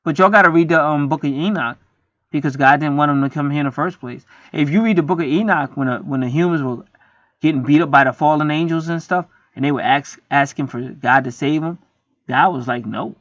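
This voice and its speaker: A man's voice: on the high side, fairly quick, a bit bright, no room sound. A man talking in a rambling, profane, preachy casual monologue as host of a spiritual video. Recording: dry, dull lo-fi sound.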